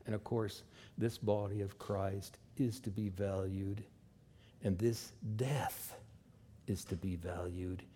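A man's voice: sits low, mellow, a little hiss or hum. A man, likely a pastor, preaching a sermon in a folksy way with asides and rhetorical questions.

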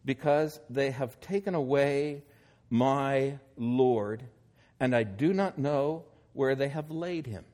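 A man's voice: mid-range voice, darkish tone. A man preaching a sermon, reading scripture aloud and then explaining it with growing emphasis.

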